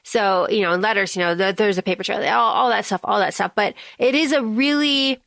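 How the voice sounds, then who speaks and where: A woman's voice: mid-range voice, a little fast, gravelly, fairly bright tone, dry recording, studio quality. A woman co-hosting a podcast, chatting casually and swearing, with many fillers. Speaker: podcast co-host. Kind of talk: casual chat.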